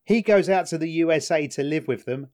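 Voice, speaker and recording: Young male co-host, a touch high-voiced, easygoing storyteller. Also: fairly quick. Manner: relaxed storyteller, retells quotes with funny voices. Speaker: podcast co-host. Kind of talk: casual chat.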